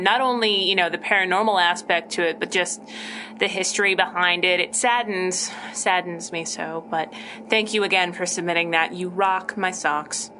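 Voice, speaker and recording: A woman hosting a podcast, gushing with quick, effusive thanks between segments. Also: lowish voice, pushed and bright, slight background noise, low-quality recording. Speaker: podcast host. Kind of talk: casual chat.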